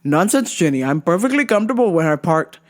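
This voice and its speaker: A woman's voice: on the low side, big pitch swings, fast talker. Woman doing her stiff, stubborn dad. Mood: calm insistence. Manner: prim, overly formal insistence. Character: stubborn fussy father, formal and stiff.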